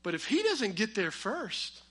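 A man preaching a sermon, telling stories with humor and swinging between loud emphasis and quiet asides. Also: high voice, huge pitch swings, measured pace. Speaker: pastor.

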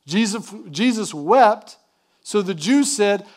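A man with a high voice preaching to his congregation. He presses his points hard and keeps asking the listeners questions. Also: lively intonation, moderate pace. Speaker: pastor. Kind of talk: sermon.

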